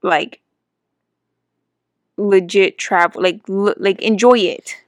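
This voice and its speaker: A woman's voice: mid-range voice, steady tone, takes it slowly, dry recording, clean studio sound. A woman chatting casually about travel, with lots of "like" fillers. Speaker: conversation partner. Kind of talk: casual chat.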